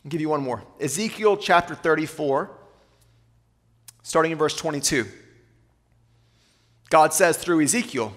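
High-voiced pastor preaching in a reverberant hall. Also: male voice. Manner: rhetorical questions, slows to read scripture aloud. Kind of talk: sermon.

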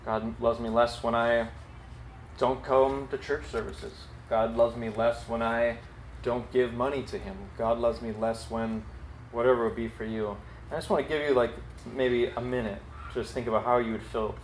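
A man preaching a sermon in a conversational, earnest way, with quick asides. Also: mid-range voice, fairly even intonation. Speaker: pastor. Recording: echoey hall, faint background noise.

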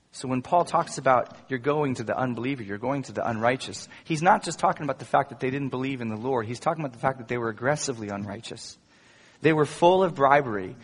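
Husky-voiced male pastor preaching. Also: medium pitch. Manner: animated, rising to emphatic quotes. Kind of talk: sermon. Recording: echoey hall, long reverb.

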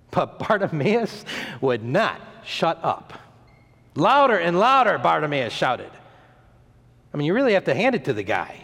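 A man preaching a sermon, retelling a story in an animated way, acting out the voices, sometimes stumbling and repeating words. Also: fairly high pitch, moderate pace. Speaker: pastor. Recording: long hall reverb.

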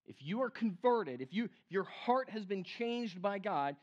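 High-voiced, lively preaching man. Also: moderate pace, highs cut off. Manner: animated, conversational preaching with acted quotes. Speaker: pastor. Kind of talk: sermon.

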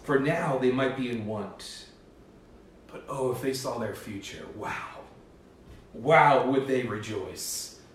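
A man's voice: medium pitch, slow, a little hiss or hum. A male pastor preaching a sermon in an earnest, emphatic manner, with rising bursts. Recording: echoey hall, distant mic.

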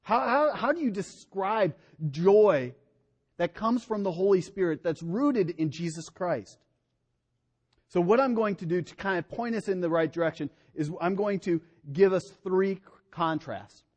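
A middle-aged male pastor preaching a sermon in an animated way, his voice rising and dropping for emphasis. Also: sits high, a little slow, lo-fi sound.

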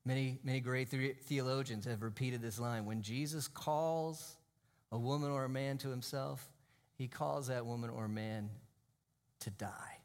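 A man's voice: mid-range voice, fairly even intonation, normal speed. A male pastor preaching in a church, emphatic, drawing out key phrases and sometimes dropping to a near whisper. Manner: drops to a hushed, almost whispered voice for emphasis. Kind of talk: sermon.

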